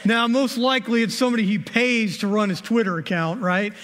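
A man's voice: high-pitched, fairly even intonation, a little fast, a bit bright, a little hiss or hum. Folksy man preaching in a reverberant hall. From American Midwest. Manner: folksy, conversational storytelling. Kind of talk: sermon with personal stories.

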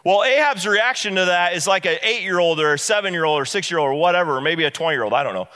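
A male preacher delivers a sermon and retells a Bible story in an animated way. He voices the characters as he goes. His voice is bright and a bit raised in pitch, and it rings out with a long hall reverb. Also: quick pace.

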